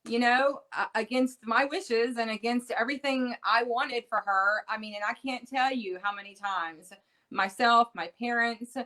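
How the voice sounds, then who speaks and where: A middle-aged woman, a guest on an interview show, speaking earnestly with halting phrases, restarts and repeated words. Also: a little high, bright, forceful tone, poor audio. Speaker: interview guest, bereaved mother. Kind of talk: casual interview talk.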